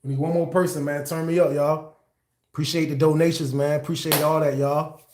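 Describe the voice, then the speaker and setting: A man hosts a casual storytime livestream, talking in loose, slangy bursts. His voice sits a bit high. The sound carries a roomy echo. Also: brisk. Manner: loose, slangy, animated retelling.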